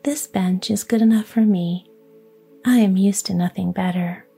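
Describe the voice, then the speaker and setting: A woman voicing a bold, gentle young prince in whispered role-play, calm and reassuring. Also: mid-range voice, normal speed, vocal fry, breathy edge, soft background music.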